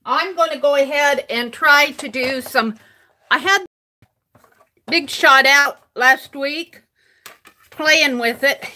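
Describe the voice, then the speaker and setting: A woman's voice: high voice, takes it slowly, pauses often, sharp tone. An older woman live-streaming her crafting, chatting casually, reading viewers' comments aloud and laughing often. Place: home craft room.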